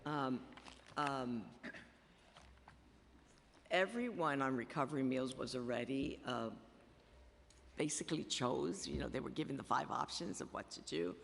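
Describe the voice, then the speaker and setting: A man with a Bronx accent testifying at a budget hearing, halting and full of fillers and restarts. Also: mid-range voice, vocal fry, fairly bright tone. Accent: Bronx New York. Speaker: city agency official testifying. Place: large council chamber. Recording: long chamber reverb.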